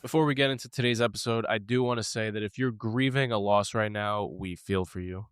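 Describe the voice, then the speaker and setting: Co-hosting a podcast, a man in his thirties with a slightly low, smooth voice tells a personal story in a brisk, animated, candid way, laughing easily. The sound is dry and close with no echo, and faint music plays behind him.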